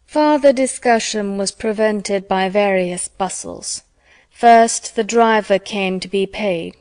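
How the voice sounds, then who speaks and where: Woman audiobook narrator, measured classic-novel reading, dry studio sound. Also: mid-range voice, a little mellow, no echo. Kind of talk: scripted narration.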